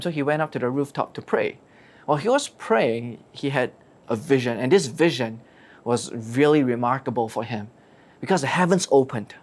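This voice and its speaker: Animated storyteller doing a bible story, pitch all over, asks the listener stuff. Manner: lively, asks rhetorical questions, acts out quotes.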